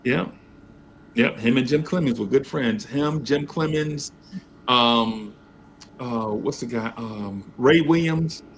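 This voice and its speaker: A man with a gravelly, creaky voice hosts a casual sports talk show, telling animated stories and putting on voices for the people in them. A faint hiss of background noise sits under him. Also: mid-range voice, slow pace. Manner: animated storyteller, acts out voices. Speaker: podcast host.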